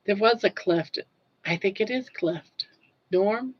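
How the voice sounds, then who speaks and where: Sitting on her couch at home, an older Down East woman from Portland, Maine, hosts a phone livestream, answering viewers casually with easy laughter. She speaks slowly in a medium-pitched voice, and the highs are cut off.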